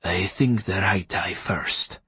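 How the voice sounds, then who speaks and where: A man voicing a calm, detached killer posing as a doctor, speaking slowly and quietly with a low, menacing hush. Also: slightly rough, dry recording, full character voice. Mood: coldly calm.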